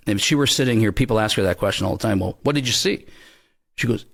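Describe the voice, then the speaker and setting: A man's voice: lowish voice, fast talker, vocal fry. Earnest man telling his testimony. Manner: earnest, animated storytelling with restarts. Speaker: guest sharing a testimony. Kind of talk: interview storytelling.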